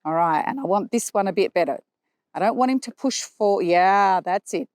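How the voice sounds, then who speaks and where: A woman horse trainer explaining her riding aids as she rides, calm and explanatory, with soft praise for the horse in between. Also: medium pitch, normal speed, no room sound. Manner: talking while riding a horse. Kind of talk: instructional commentary while riding. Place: riding arena.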